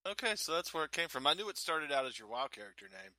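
A man co-hosting a casual podcast, delivering sarcastic jokes in a deadpan way. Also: on the high side, quick pace, no room sound. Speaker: podcast co-host. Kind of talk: casual chat.

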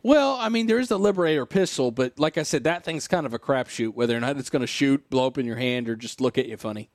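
A man's voice: medium pitch, quick pace, no echo. Dry-voiced man reading news wryly. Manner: sarcastic, wry asides and sighs. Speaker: podcast host reading news. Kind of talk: casual chat, reading an article aloud with comments.

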